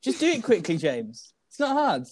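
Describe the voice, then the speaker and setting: A man's voice: sits high, wildly swooping pitch, normal speed, no room sound. A young man hosting a casual podcast chat, laughing and teasing his co-hosts. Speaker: podcast host.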